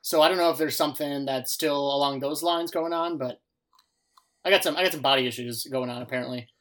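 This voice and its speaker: A young man, a podcast co-host who coaches baseball, talking in casual chat and telling lively stories. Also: medium pitch, a little fast. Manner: animated storytelling, quotes others in lively bursts.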